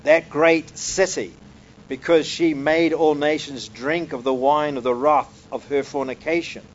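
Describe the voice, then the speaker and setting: A man's voice: a little high, fairly even intonation, unhurried, dull audio, a little hiss or hum. A man preaching a conversational, emphatic sermon, often dropping "man" into his lines and shown on slides to a room and online audience. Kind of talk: sermon teaching. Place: church or hall with slides.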